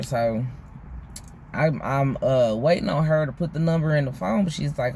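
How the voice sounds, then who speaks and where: A man's voice: fairly high pitch, moderate pace, vocal fry, a little mellow, slight background noise. A man vlogging a casual storytime monologue, rambling and candid, full of slang, swearing and "you know what I'm saying". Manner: profane, candid.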